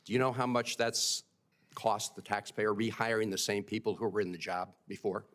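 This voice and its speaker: Man, senator, hearing questioning, low voice, pressing tone. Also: fairly even intonation, normal speed, fairly bright tone. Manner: pointed, pressing.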